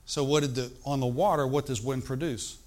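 An older man preaching a sermon, animated and emphatic, moving between loud outbursts and hushed, slow emphasis. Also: mid-range voice.

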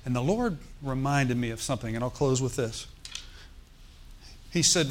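A man pastor telling a story in a sermon, animated, with asides and quoted dialogue. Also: mid-range voice, normal speed, slight background noise.

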